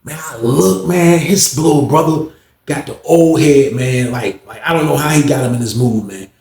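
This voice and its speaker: A man telling a story in casual slang, animated and acting out other people's voices. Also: mid-range voice, normal speed, gravelly, echoey room.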